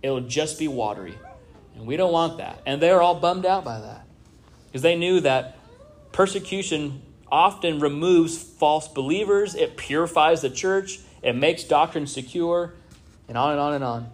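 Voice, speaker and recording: A man's voice: a little high, lively intonation, moderate pace. Man preaching a conversational sermon. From Southern California. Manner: conversational preaching with frequent "right?" asides. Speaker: pastor. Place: church sanctuary.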